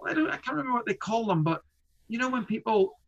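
A man's voice: very high-pitched, very animated, quick pace, dull audio. A man, a comedian, telling a story in a casual interview, rambling with frequent restarts and fillers. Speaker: guest, comedian.

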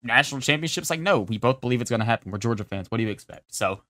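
A young man co-hosting a sports podcast, talking fast and opinionated in a casual chat. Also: mid-range voice, expressive, pushed and bright, no echo. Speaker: podcast co-host.

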